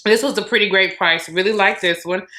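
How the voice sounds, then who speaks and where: Brisk and mid-range, with fairly even intonation, an American beauty vlogger reviews hair and beauty products in her home, closet at her back. The background is noisy, and she chats directly and casually with her audience.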